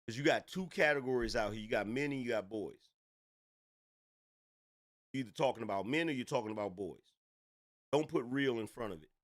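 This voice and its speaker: A man's voice: mid-range voice, expressive, a little fast, long pauses. A middle-aged man giving an opinion commentary monologue, emphatic and repetitive, lecturing with rhetorical questions.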